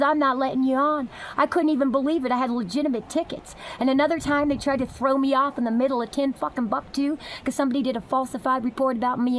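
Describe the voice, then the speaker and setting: A woman delivering an angry, agitated monologue full of swearing, her sentences tumbling over each other. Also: sits high. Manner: agitated, heavily profane, fast tumbling sentences. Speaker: vlogger.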